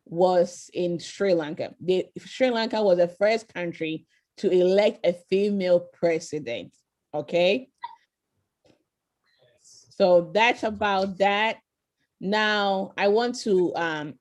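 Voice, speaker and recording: A woman leads an interactive online lesson over a video call, with a voice of middling pitch. She is encouraging and keeps quizzing the group. She tags her points with quick checks like "right?" and "okay?". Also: a little mellow. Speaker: virtual tour presenter.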